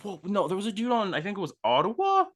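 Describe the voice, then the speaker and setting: Male podcast co-host, lively and bright, rambling casual sports talk. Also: high voice, fast talker. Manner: rambling, many fillers and restarts.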